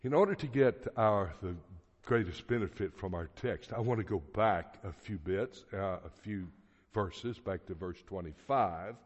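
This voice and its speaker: Slow-preaching man in a reverberant hall. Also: lowish voice. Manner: slow, deliberate teaching with emphatic phrases. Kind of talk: sermon. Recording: dull audio with long hall reverb.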